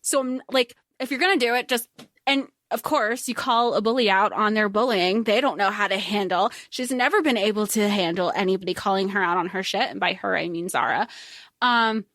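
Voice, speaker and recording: A woman's voice: medium pitch, fairly quick, a bit bright, dry recording, clean studio sound. A woman co-hosting a podcast, animatedly ranting and swearing as she recaps a book. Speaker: podcast co-host. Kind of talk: casual book discussion.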